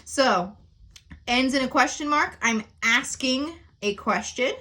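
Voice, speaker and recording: Woman, teacher, recorded lesson, unhurried, slightly high voice. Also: pushed and bright. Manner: patient, checks in with "okay?" and "right?".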